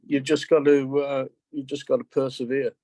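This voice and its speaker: An older man in his seventies chats as an interview guest, rambling through stories and stumbling over restarts. His voice sits at an ordinary pitch, recorded dry and close with no room sound. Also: level tone, normal speed, warm tone, no echo. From England. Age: 70s. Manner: rambling, anecdotal, frequent restarts. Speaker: guest musician. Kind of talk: casual interview.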